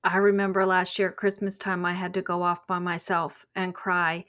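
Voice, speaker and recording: A woman hosting a podcast, asking gentle, unhurried questions of a guest. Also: on the low side, monotone. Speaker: podcast host.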